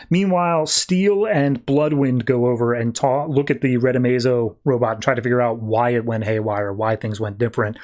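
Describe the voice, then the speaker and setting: A male podcast host with a mid-range voice talks through a comic book story in a relaxed, rambling way. He leans on "like" and "uh" as he goes, loose and unscripted. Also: medium pitch, moderate pace, hardly any pauses. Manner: loose and rambling, heavy on "like" and "uh" fillers. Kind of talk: casual comic book recap.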